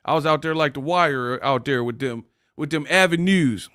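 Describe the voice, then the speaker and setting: A man's voice: on the high side, moderate pace, a bit bright, no room sound, clean studio sound. A man hosting a casual boxing livestream, laughing often and trash-talking his chat readers.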